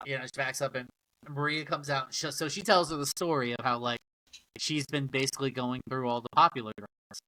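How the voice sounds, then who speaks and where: A man's voice: mid-range voice, fairly even intonation, brisk, pushed and bright, poor audio. A man co-hosting a podcast, casually and agreeably retelling the plot of a TV episode. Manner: laid-back, agreeable, swearing in passing. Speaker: podcast co-host. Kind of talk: casual chat recapping a TV episode.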